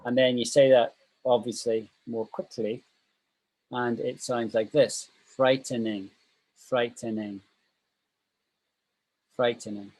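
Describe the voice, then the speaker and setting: A man's voice: medium pitch, flat delivery, a little slow, mellow, low-quality recording. A man teaching an online English class, patiently drilling pronunciation over a video call.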